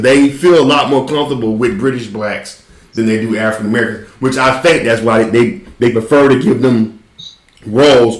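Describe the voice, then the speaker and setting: A man in casual chat, telling a story in a relaxed, profane way with frequent laughs. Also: mid-range voice, echoey room, poor audio. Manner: laid-back, profane, laughs while telling stories.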